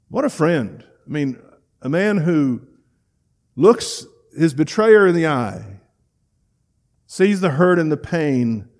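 A middle-aged man preaching a sermon, telling a story and swinging between loud emphasis and hushed, reflective passages. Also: a little high, animated, slow pace, gravelly, pauses often. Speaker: pastor.

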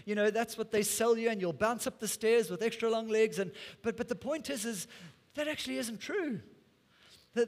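A man's voice: very high voice, long reverb tail. A man preaching a sermon as a pastor, earnest and conversational, often repeating words as he goes.

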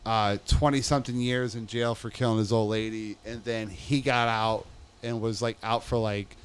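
A man's voice: on the low side, moderate pace, clean tone. A young man in casual chat, telling a profane story and acting out the people in it. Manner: profane, animated storytelling with acted-out quotes. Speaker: guest telling stories.

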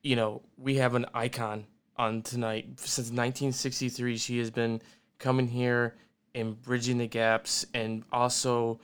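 A man's voice: medium pitch, flat delivery, measured pace, fairly bright tone, smooth. A man from Michigan hosting a radio show, chatting and plugging a guest in a loose, upbeat way. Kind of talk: casual radio interview.

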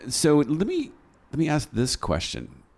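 A man's voice: a little high, huge pitch swings, a little slow, darkish tone. A man hosting an interview as a consultant, asking questions in an enthusiastic, encouraging way. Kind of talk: casual interview conversation.

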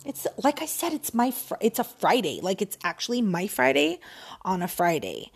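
A woman hosts a solo podcast in a casual, talkative monologue. Her voice has a gravelly edge and a husky grain. She speaks with emphasis, circling back on her own phrases and slipping in jokes. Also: mid-range voice, normal speed. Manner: animated, emphatic, repeats phrases, jokey. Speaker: podcast host.

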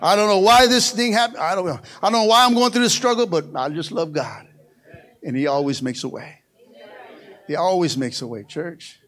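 A male pastor preaching a sermon in a church with call-and-response phrases. He swings between loud exclamations and quiet, low passages, and often laughs. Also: normal speed. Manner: call-and-response preaching, frequent "come on" and "amen"; laughs often, playful asides. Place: church sanctuary.

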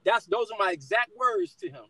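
A man's voice: high-pitched, huge pitch swings, fairly quick, sharp tone, no echo, rough recording. A middle-aged man telling a personal testimony in conversation, fired up and calling the listener brother again and again.

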